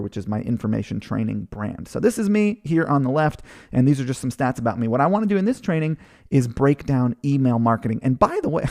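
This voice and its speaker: A man's voice: medium pitch, darkish tone. Chatty man giving a webinar. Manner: chatty and informal, many fillers. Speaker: presenter of a marketing training. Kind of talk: casual webinar presentation.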